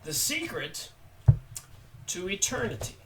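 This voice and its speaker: Man, book reviewer, casual and halting, slightly high voice, distant from the microphone. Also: very animated, heavy background noise. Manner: unhurried, halting with frequent pauses. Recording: voice set back from the mic.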